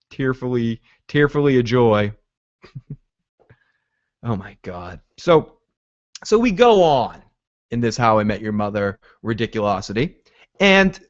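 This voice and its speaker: A man hosting a podcast, rambling excitably through a casual recap of a TV episode, with frequent restarts. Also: mid-range voice, lo-fi sound. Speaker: podcast host.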